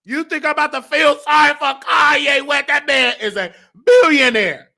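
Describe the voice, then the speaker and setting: A fired-up male talk show host whose very high voice has a gravelly edge. He rants in an animated way, sometimes shouting and sometimes close to tears. His tone is bright and tense. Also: moderate pace. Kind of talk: emotional live talk-show rant.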